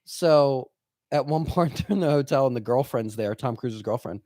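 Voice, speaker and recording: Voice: mid-range voice, normal speed, no echo, clean studio sound. A podcast co-host in casual chat, telling stories with lots of laughter and acted-out quotes. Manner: animated storyteller, laughs often, acts out quotes.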